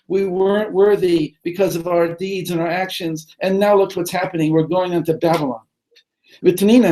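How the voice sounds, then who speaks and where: A man's voice: sits high, dark tone, rough recording. A man teaching a text class as a rabbi, reading lines aloud and translating them phrase by phrase, often restarting and repeating words. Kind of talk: text study lesson. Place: study hall.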